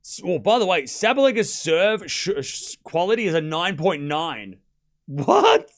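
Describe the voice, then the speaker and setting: A man's voice: on the high side, sing-song, moderate pace. A young man hosting a live tennis watchalong stream, mixing play-by-play with chatty joking asides. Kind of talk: live streamed match commentary.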